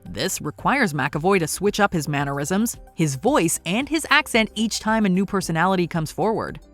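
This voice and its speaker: A woman's voice: fairly low pitch, expressive, moderate pace, soft background music. Upbeat woman narrating a countdown.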